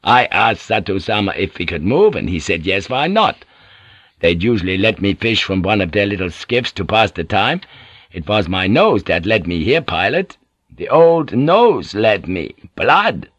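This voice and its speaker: A man's voice: lowish voice, sing-song, unhurried, a bit bright, no room sound, exaggerated voice. A man voicing a proud, crude sailor telling his story in an audiobook.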